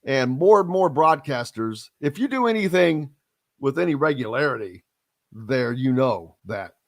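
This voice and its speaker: A man, hosting a casual sports radio talk show with drawn-out, emphatic, opinionated delivery. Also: mid-range voice, animated, dry recording. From Southern Indiana.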